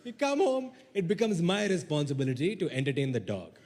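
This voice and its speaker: Animated young male stand-up comic. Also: a little high, a little fast. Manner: animated storytelling with sudden shouted outbursts and mock voices. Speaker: stand-up comedian. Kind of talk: stand-up comedy set.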